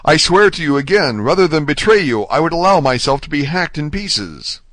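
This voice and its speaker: A man's voice: on the high side, very animated, moderate pace, fairly bright tone, no echo, pitched above the performer's own voice. A man doing a desperate young prisoner. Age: 20s. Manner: urgent, earnest pleading. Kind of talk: audiobook character reading.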